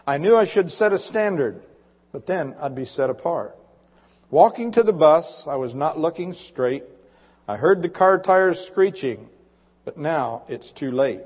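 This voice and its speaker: A man's voice: on the high side, expressive, a little slow. Earnest preacher man in a reverberant church. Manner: earnest, dramatic poem reading. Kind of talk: sermon. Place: church sanctuary. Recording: muffled recording with long reverb.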